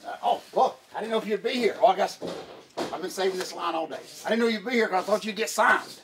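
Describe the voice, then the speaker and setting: Man, podcast co-host, high pitch, winded, rambling and folksy. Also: quick pace, noisy background. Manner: rambling folksy storytelling, calls partner "boy". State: out of breath. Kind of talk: casual chat.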